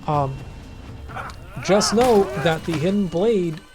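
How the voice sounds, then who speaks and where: A man's voice: high voice, lively intonation, takes it slowly. A young man casually chatting while playing a game, rambling with many fillers and frequent laughs. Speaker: gaming channel host. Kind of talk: casual let's-play commentary. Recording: game music behind the voice.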